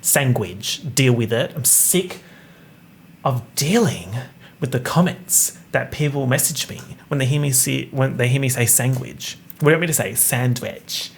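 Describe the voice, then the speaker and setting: Young guy rambling on his podcast, kinda gravelly, swears a lot. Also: mid-range voice, moderate pace, slight background noise. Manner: joking, tangent-prone, swears casually. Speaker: podcast host. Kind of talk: rambling solo podcast chat.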